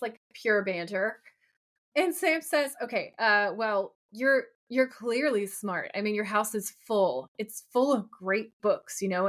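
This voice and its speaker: A woman co-hosting a podcast, recapping a TV episode in casual chat and acting out the characters' lines as she goes. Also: mid-range voice. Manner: animated retelling, quoting the characters' lines. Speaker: podcast co-host.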